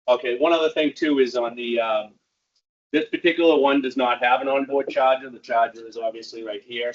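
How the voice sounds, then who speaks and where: A man talks staff through a piece of equipment in a loose, rambling way, dropping plenty of ums as he goes. His voice sits at an ordinary middle pitch. The audio is dull and lo-fi. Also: fairly bright tone. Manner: casual, rambling, frequent ums. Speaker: equipment trainer. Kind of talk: hands-on equipment training.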